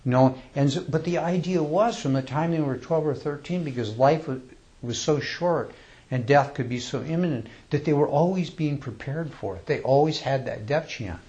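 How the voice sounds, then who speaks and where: A man giving an informal dharma talk as a Zen teacher, in a relaxed and conversational way. He chuckles often and restarts his sentences. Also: on the high side, highs cut off. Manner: relaxed and conversational, reads poems slowly.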